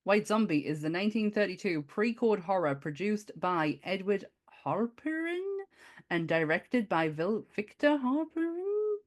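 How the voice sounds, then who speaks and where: A woman co-hosting a podcast in a casual chat, lively and quick to laugh. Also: medium pitch. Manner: lively, laughs often, exclaims. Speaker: podcast co-host.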